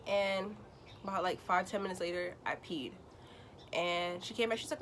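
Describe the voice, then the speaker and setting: A woman's voice: mid-range voice, moderate pace, a little hiss or hum. A young woman telling a casual storytime vlog, acting out the people she quotes. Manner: animated, acts out quotes in other voices. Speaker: vlogger.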